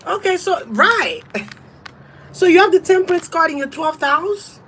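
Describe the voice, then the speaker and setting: A woman's voice: extremely high pitch, big pitch swings, unhurried, fairly bright tone, a little hiss or hum, rough recording. A woman reading tarot and giving casual spiritual advice in a blunt, emphatic, profane way. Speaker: tarot reader.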